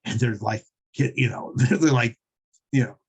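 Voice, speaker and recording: Halting, chuckling male storyteller. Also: mid-range voice, a little mellow, slightly rough. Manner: halting, repeats words, many fillers; chuckles while telling. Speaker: Torah teacher. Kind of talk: storytelling class lecture.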